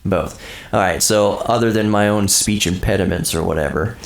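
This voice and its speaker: A man's voice: fairly low pitch, brisk, gravelly. A man from Texas, under the weather, hosting a podcast in casual chat, rambling and joking with strong opinions. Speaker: podcast host.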